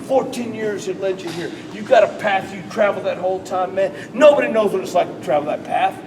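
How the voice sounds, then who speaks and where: A man coaching a wrestling promo, blunt and profane, dropping to low mutters and rising to shouts. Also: brisk, background noise. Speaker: wrestling trainer. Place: large indoor wrestling venue. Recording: distant mic in a reverberant hall with a crowd.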